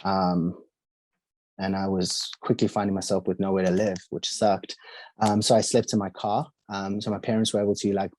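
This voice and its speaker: A young South African man with a South African accent appears as a podcast guest, casually telling his life story with plenty of fillers and acting out what people said to him. His voice sits low, with a flat delivery, normal speed and a darkish tone, plus a little hiss or hum.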